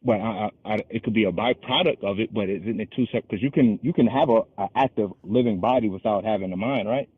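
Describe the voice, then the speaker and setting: A man hosting a call-in show, arguing casually and slowing down to quote scripture. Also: on the low side. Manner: argumentative, halting, restarts and slows to quote scripture. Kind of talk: casual debate. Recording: husky voice over a tinny phone-like line.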